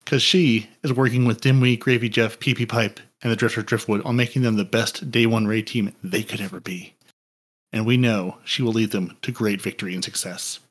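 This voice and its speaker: A man's voice: lowish voice, fairly even intonation, a little fast. A man hosting a gaming podcast in casual chat, rambling and joking as he thanks supporters. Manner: rambling, jokey. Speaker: podcast host.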